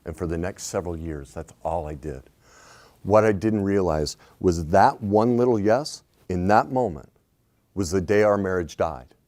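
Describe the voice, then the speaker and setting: A middle-aged man coaching on relationships, swinging between hushed reflection and loud emphatic points. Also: low-pitched, moderate pace. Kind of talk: animated advice talk.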